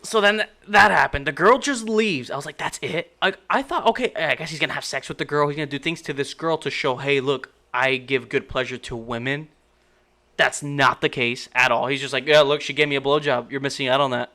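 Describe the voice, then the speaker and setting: A man's voice: a little high, brisk, bright, forceful tone. A man giving a casual, exasperated movie critique, rambling and incredulous with many restarts. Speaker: movie reviewer.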